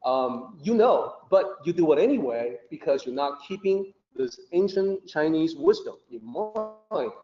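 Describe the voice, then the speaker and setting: A man's voice: on the high side, animated, a little slow, few pauses. A man teaching Taoist philosophy in a patient, conversational way, with many fillers. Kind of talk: explanatory podcast talk. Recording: muffled and roomy.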